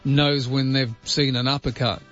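A middle-aged man with an Australian accent, hosting a casual talk radio show, jokey and animated. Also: medium pitch, normal speed, muffled recording, soft background music. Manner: jokey, animated, puts on voices. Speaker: radio host.

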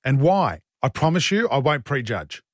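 A man's voice: mid-range voice, very animated, no echo, clean studio sound. A man hosting talkback radio with an Australian accent, chatty and joking, taking calls from listeners. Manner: chatty, joking, quick to laugh. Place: radio studio.

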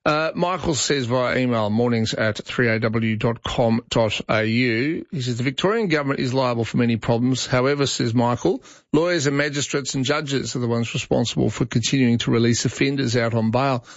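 A brisk, opinionated Australian man hosting talkback radio, reading messages and pushing back on callers. His voice comes across dry and a little dull, like a close studio mic with the top end rolled off. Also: medium pitch, no echo. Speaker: radio host.

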